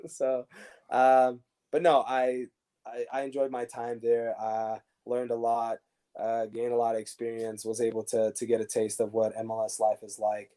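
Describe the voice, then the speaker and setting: Speaking at a normal speed in a mellow, medium-pitched voice, this man is a former pro soccer defender guesting on a casual storytelling interview. He's an animated storyteller who acts out the dialogue.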